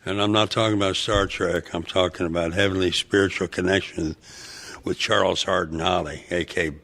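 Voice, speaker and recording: Excitable, rambling man with a bright voice. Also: low voice, brisk. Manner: excitable and rambling, breaks into loud laughs. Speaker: guest, actor. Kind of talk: podcast interview, telling anecdotes.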